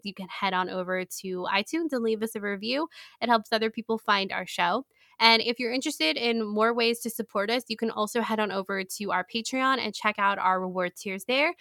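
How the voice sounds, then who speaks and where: A woman's voice: a little high, gravelly, sharp tone, dry recording, clean studio sound. A woman co-hosting a podcast, talking in an upbeat, chatty way and often laughing. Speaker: podcast co-host. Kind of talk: casual chat.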